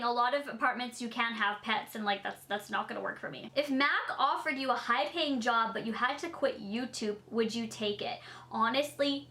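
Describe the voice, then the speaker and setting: Chatty woman in her twenties, fairly high and very bright voice, bubbly vlogger answering fan questions. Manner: bubbly, chatty, many "like" fillers. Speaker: beauty YouTuber. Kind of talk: casual Q&A vlog.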